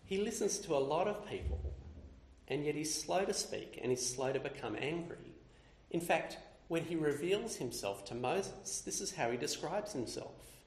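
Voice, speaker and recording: Male preacher, raised pitch, lively delivery, roomy echoing sound, suits a church sermon read. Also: moderate pace. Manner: expressive, building lists with rising intensity. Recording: roomy echo.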